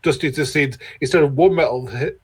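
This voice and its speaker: A man's voice: mid-range voice, a little fast, slightly rough. A man co-hosting a casual movie-ranking chat, stammering through blunt opinions. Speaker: podcast co-host.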